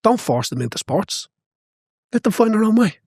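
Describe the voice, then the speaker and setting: A man's voice: high voice, big pitch swings, normal speed, a little mellow, slightly rough, no echo, studio quality. A man, a boxing coach, talking as a guest in a podcast interview, passionate and emphatic, repeating phrases to drive home his point.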